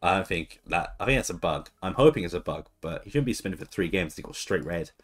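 A man's voice: low voice, lively intonation, fast, soft background music. A young man chatting casually as he comments on his own football management game, reacting to each move as it plays. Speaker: gaming YouTuber.

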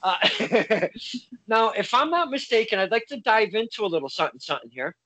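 A man's voice: sits high, very animated, brisk, sharp tone, dry recording, rough recording. A man hosting a casual interview, speaking politely with frequent stumbles and restarts. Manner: hesitant, stumbling, polite phrasing. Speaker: interview host.

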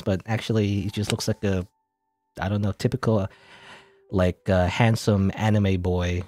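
A man's voice: fairly low pitch, expressive, brisk, a little mellow, no room sound. A man casually commentating a game he is playing, rambling and joking with many fillers. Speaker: let's play gamer.

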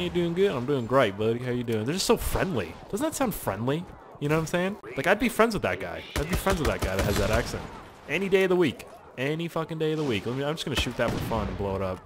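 A man's voice: medium pitch, noisy background. A young man rambling through casual gameplay commentary, swearing often and yelping at the game. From Canada. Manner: rambling, swears a lot, yelps and shouts at the game. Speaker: gaming YouTuber.

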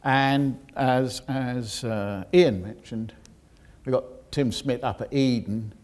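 A geoscientist giving a public lecture, explaining technical details with dry asides to the audience. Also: male voice, mid-range voice, takes it slowly, a little mellow.

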